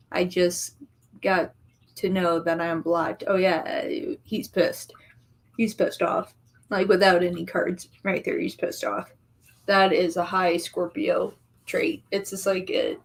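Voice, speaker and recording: A woman's voice: fairly low pitch, gravelly. A woman doing a tarot reading on a live stream, chatty and teasing, talking casually to viewers. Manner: chatty, teasing, laughs easily. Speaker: tarot reader on a livestream.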